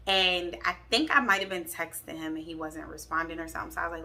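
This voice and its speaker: A young Pittsburgh woman vlogs a storytime directly to her viewers, candid and sassy. Her bright, forceful voice carries a gravelly fry beneath it, sitting fairly low in pitch at a moderate pace.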